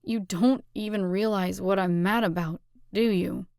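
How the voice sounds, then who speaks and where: Brief: hurt, tearful teen girl, as a woman reads her, slow and wounded. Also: medium pitch, steady tone, creaky, darkish tone, clear, resonant tone, no echo, clean studio sound. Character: hurt teenage girl, best friend, tearful.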